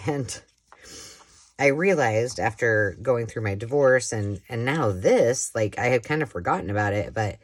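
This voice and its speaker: A woman's voice: rumbling low, measured pace, no echo. A middle-aged woman hosting a home crafting vlog, chatting and telling a rambling story while she works, laughing and acting out the voices of the people in it. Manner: rambling, animated storyteller who laughs often and acts out quoted voices. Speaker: craft channel host.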